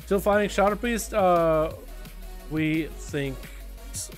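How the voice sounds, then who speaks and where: A man from Russia chatting casually on a game livestream, excitable and swearing, swinging from quiet mumbles to loud bursts. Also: high-pitched, takes it slowly, faint music behind. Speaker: game streamer. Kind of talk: casual gaming livestream chat.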